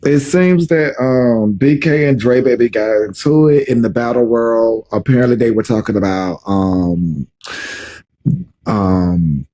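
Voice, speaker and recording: Guy hosting a live stream, slow drawl, mellow low tone. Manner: drawling, teasing. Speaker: livestream host. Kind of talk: casual gossip commentary.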